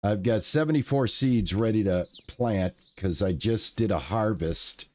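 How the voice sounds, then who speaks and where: A man chatting casually on a live stream, relaxed and thankful, with lots of fillers and restarts. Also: lowish voice, measured pace.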